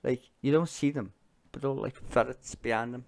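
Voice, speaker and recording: Give me a blunt, foul-mouthed man with a gravelly, fry-edged voice, reacting to politics. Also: mid-range voice, brisk. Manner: blunt, sweary and sarcastic. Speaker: streamer reacting to political clips. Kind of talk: casual profane rant.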